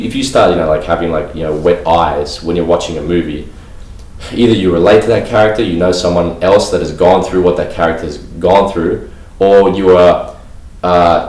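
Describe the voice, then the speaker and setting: Rambling low-voiced man in an echoey room. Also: darkish tone. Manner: rambling, heavy fillers like "you know" and "like". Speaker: vlogger. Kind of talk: casual talk to camera. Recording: echoey room, voice a bit far from mic.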